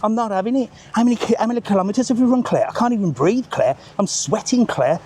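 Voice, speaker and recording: A man voicing a loud, self-important female jogger, complaining breathlessly as she chats nonstop. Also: mid-range voice, lively intonation, fast talker, slight background noise, pitched above the performer's own voice, close to an everyday voice. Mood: whining. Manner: whiny, indignant, breathless chatter.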